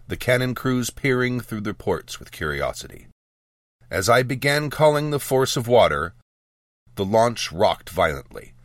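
A man narrating a first-person fantasy audiobook with measured storytelling and lively dialogue. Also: lowish voice, no room sound, clean studio sound.

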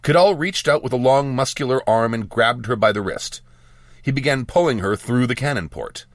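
A man narrating a first-person fantasy audiobook with measured storytelling and lively dialogue. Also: mid-range voice, no room sound, clean studio sound.

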